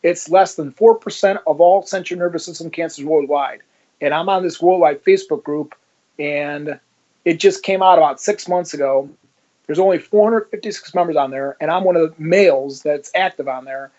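Storytelling man, slightly high voice. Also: moderate pace. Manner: animated storyteller acting out quoted dialogue. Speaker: interview guest, former police officer. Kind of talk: casual storytelling. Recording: slightly muffled lo-fi audio.

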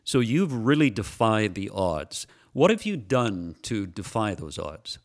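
A man's voice: lowish voice, sing-song, a little slow. A man interviewing a guest, asking plain questions with some hesitant fillers.

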